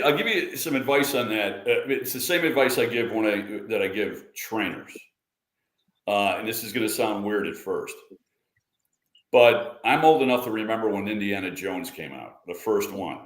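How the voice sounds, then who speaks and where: An older man, a police trainer, answering an interview question in a casual, animated storytelling way and acting out quotes. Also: lowish voice, normal speed. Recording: echoey room.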